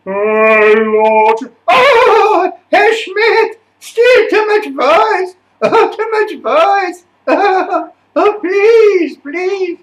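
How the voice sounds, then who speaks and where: A man's voice: extremely high pitch, drawn-out words, fairly bright tone, echoey room, far from the mic, pitched above the performer's own voice, heavily acted, poor audio. A man voicing a fussy male stage director in a squealing, exaggerated, pleading manner. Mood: exasperated.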